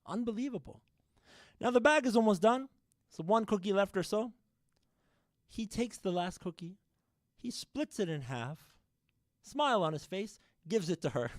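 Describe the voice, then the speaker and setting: A man giving a sermon, telling a story to the congregation with lively shifts in loudness and addressing them as brothers and sisters. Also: high-pitched, normal speed, pauses often, no room sound, clean studio sound. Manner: animated, shifts loudness widely, addresses the audience directly. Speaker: speaker at a religious program. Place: mosque or community hall.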